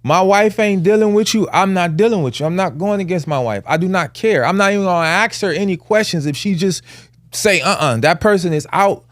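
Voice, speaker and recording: A man's voice: high-pitched, fairly quick, no echo. Emphatic, preachy man on a podcast. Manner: emphatic and preachy, builds points through repetition and lists; blunt, plainspoken vernacular. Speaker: podcast co-host. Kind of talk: casual chat.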